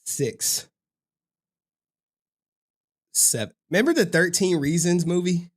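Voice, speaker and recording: A man hosting a livestream, reading super chats in excitable, slangy commentary that breaks into shouts and laughter. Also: high-pitched, takes it slowly, slightly rough. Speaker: livestream host.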